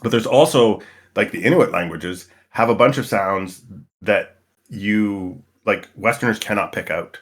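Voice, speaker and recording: A man's voice: lowish voice, unhurried, a bit bright. A man chatting casually between turns of a tabletop game, rambling with many restarts and fillers. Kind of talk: casual chat.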